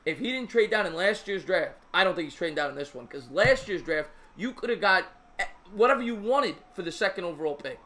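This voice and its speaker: A man with a higher-than-average, bright, forceful voice hosts a live call-in sports show. He talks in a chatty, easygoing way, apologizes often and teases his callers. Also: animated, brisk. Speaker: sports talk show host.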